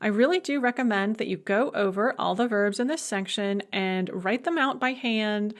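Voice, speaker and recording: A woman teaching a recorded language lecture, explaining verb conjugation clearly and slowing down to model each form aloud. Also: medium pitch. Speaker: Russian language instructor.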